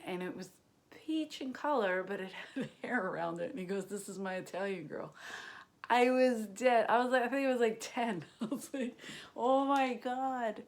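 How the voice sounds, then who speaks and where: This is a woman comedian at home in her kitchen, answering viewers' questions in a loose, meandering way. She talks crudely, fills gaps with ums and uhs, and slips into whispered asides. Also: mid-range voice. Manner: rambling and crude, with many fillers and whispered asides. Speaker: stand-up comedian.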